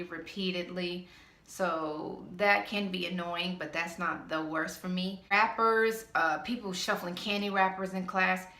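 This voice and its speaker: A woman's voice: lowish voice, sharp tone, roomy sound. A woman vlogger ranting in a casual monologue, blunt, sassy and exasperated.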